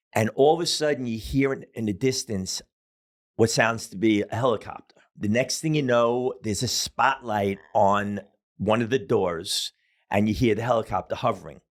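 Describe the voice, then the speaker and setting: A man's voice: on the low side, moderate pace. A middle-aged man telling a story as a podcast guest, casual and profane, with many fillers.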